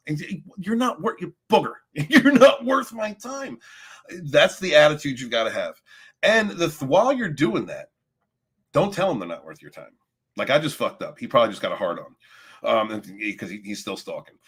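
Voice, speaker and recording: A man hosts a casual motivational livestream, rambling from point to point and often starting sentences over. He swears freely. His voice sits at an ordinary middle pitch for a man. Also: gravelly, a bit bright, slightly rough. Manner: rambling, profane, many restarts. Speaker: livestream host, abuse recovery talker.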